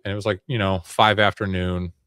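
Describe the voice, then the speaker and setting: A man in casual chat, telling a long rambling story in an animated way. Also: sits low, brisk, smooth, dry recording, clean studio sound.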